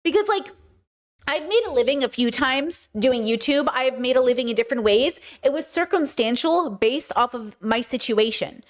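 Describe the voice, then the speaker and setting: A woman hosting a stream, giving casual commentary in an emphatic, animated way and repeating her points. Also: high voice, normal speed. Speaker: streamer and podcast host.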